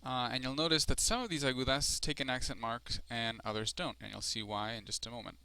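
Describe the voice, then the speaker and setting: Male language teacher, screencast lesson, bright crisp voice, explanatory, lots of ums. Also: medium pitch, fairly even intonation, brisk. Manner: explanatory, with frequent fillers and self-corrections. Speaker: Spanish teacher.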